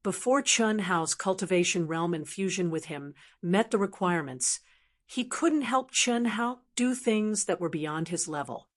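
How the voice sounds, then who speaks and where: A woman's voice: fairly low pitch, lively intonation, measured pace. Woman narrating a fantasy audiobook. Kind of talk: scripted narration.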